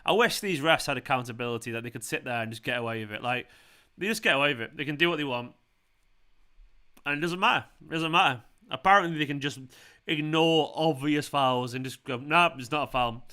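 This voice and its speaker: Mid-range in pitch and a little fast, with lively intonation and frequent pauses, this man hosts a football watchalong stream for his fan channel. His commentary swings between ranting, swearing at the refs, and celebratory shouting.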